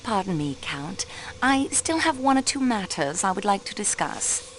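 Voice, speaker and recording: A woman's voice: medium pitch, big pitch swings, moderate pace, a little hiss or hum, close to an everyday voice. A young woman voicing a poised, persistent amateur detective in a mystery game, dropping in French phrases. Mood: probing. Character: sharp young female sleuth, cool and persistent. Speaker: railway clerk acting as detective. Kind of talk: video game voice acting.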